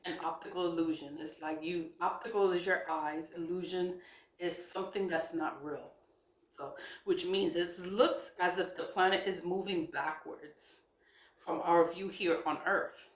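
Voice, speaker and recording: A woman's voice: fairly low pitch, echoey room. A woman chatting casually about spiritual topics, reading questions aloud and answering in a rambling way, repeating herself and laughing often. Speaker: spiritual vlogger. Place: indoor room at a laptop.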